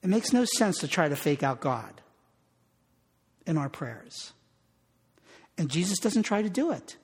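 A man's voice: a little high, sing-song, a little slow, long pauses, breathy edge. A man preaching a sermon in an earnest way, repeating phrases for emphasis. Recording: long reverb of a large hall.

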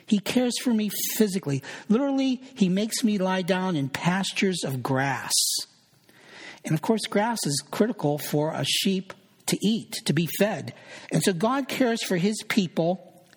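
A man preaching a sermon in an earnest, emphatic manner, slowing down to stress single words. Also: high voice, lively intonation. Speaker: pastor. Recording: long hall reverb.

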